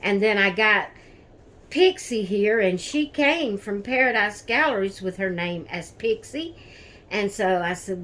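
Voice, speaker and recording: A woman's voice: medium pitch, expressive, measured pace, fairly bright tone. A woman vlogging to camera about her dolls, rambling and repeating herself, addressing viewers as guys. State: shaken, near tears. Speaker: doll collector vlogger. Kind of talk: casual chat to camera.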